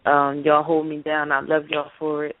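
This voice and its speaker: A woman calls in over a thin, phone-like line, her mixed Baltimore and New York accent coming through clearly. She talks easy and laid-back, full of street slang and shout-outs, and the sound is dry and close, with no room around it. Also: deep voice, completely flat delivery, moderate pace, no room sound. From Brooklyn, New York. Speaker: battle rapper guest calling in. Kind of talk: casual phone interview. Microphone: phone call.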